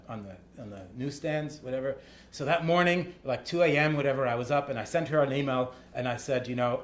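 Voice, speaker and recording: A man, an author, telling a story in a casual, chatty way, full of fillers and tag questions. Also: mid-range voice. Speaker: author speaking at a talk. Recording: echoey room with faint ambience.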